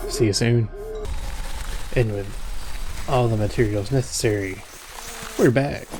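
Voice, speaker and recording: A man's voice: lowish voice, takes it slowly, over music. Wry, mumbling man playing a game. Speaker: gaming video creator. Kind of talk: casual let's-play commentary.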